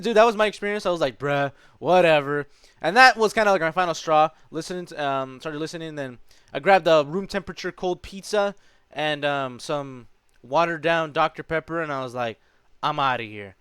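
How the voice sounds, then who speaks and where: Rambling young man, smooth dry voice. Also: fairly high pitch, animated, normal speed, fairly bright tone, no echo. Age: 20s. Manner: rambling, filler-heavy, says dude and man a lot. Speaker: vlogger. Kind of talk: casual storytelling.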